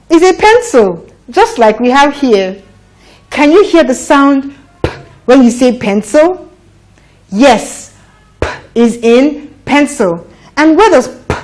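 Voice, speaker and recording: A woman teaching phonics to young children, patient and encouraging, drawing out each sound slowly and clearly. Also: fairly high pitch, a little mellow.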